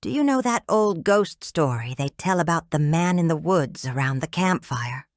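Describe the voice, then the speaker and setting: A frightened old woman lost in memory, voiced by a woman narrator. Her words come low and hushed with a dry, close sound. She is a storybook figure, grieving and wary. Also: expressive, normal speed, no room sound. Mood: grim. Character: elderly woman with dementia, fearful and tearful. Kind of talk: audiobook dialogue.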